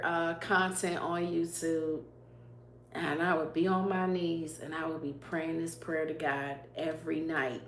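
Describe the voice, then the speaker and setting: A woman hosting a livestream, sharing an emotional faith testimony in an earnest way and answering viewer comments. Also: lowish voice. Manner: earnest, emotional, laughs often; reads viewer comments aloud. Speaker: YouTube livestream host. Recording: echoey room, faint hum.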